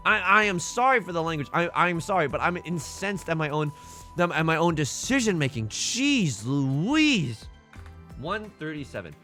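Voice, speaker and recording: A man's voice: a little high, animated, fairly quick, sharp tone, faint music behind. A man hosting a let's play, talking through his game in an exasperated, stammering, self-mocking way. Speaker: gaming channel host.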